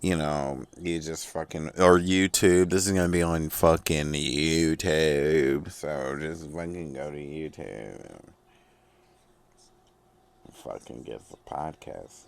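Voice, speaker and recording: Deep-voiced, swearing podcast host. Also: male voice, takes it slowly, creaky, clear, resonant tone. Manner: profane, rambling, self-mocking. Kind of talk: casual solo podcast rant. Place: small rented recording studio.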